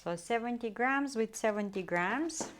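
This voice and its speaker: Slow-talking woman cooking live. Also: on the high side, animated, background noise. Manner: chatty, addresses viewers, searches for words. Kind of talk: casual live-stream cooking chat. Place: home kitchen.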